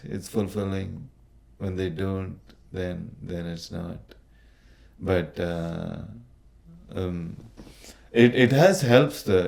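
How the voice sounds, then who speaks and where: A man with an Indian accent, a podcast guest talking casually, often pausing and restarting. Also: sits low, gravelly, a little mellow. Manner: hesitant, many restarts and fillers. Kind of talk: casual conversation.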